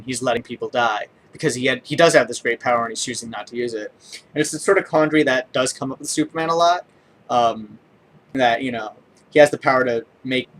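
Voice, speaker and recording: A young man giving a casual spoken comic book review, enthusiastic but halting, with many ums, uhs and restarts. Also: mid-range voice, a little hiss or hum.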